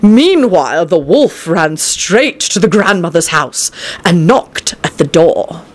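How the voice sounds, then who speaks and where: A woman reading a fairy tale aloud in a lively, expressive storyteller's way. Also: fairly low pitch, takes it slowly, a little hiss or hum.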